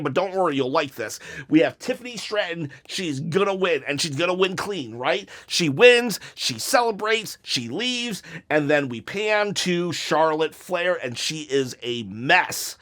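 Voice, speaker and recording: A man talking casually and animatedly as a wrestling YouTuber, pitching match ideas with frequent restarts and laughs. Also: a bit bright. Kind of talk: casual fantasy-booking commentary.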